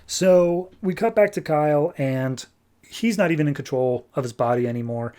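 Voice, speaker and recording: A man's voice: on the high side, warm tone. Breezy male podcast host recapping comics. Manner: breezy retelling, slips into quick character voices. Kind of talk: casual comic book recap.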